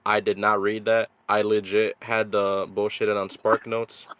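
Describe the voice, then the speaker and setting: A man's voice: lowish voice, monotone, unhurried, crowd noise. A young man hosting a casual podcast chat, laid-back, laughing often and calling people dude and bro. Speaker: podcast host.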